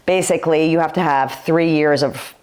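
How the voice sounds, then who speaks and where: Podcast guest, woman in her 40s, low voice, chatty storyteller leaning on "like". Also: steady tone, normal speed, a little mellow, smooth. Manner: chatty storytelling, filler-heavy "like". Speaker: guest, retired pro footballer. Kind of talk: podcast interview.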